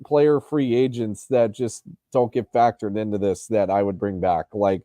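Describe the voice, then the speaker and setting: A man's voice: lowish voice, fairly even intonation, normal speed, warm tone, no room sound. A man co-hosting a sports podcast, chatting casually and hesitantly, with plenty of restarts and ums. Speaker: podcast co-host.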